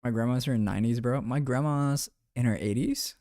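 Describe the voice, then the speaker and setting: A man's voice: mid-range voice, brisk, dark tone, no room sound. Chatty young man streaming, dry sound. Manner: loose and chatty, swears, laughs often. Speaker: live streamer. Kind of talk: casual live-stream chat with viewers while gaming.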